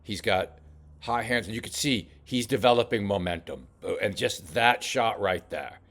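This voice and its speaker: A man coaching a boxer while reviewing fight footage, talking casually with many halting restarts. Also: on the low side, a bit bright. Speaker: boxing coach. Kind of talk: film study commentary.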